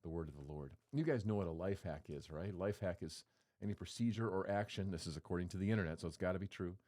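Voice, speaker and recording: Low-voiced man preaching casually. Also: fast, dark tone. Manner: conversational and playful, acting out quotes with shifting voice. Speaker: pastor. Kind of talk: sermon.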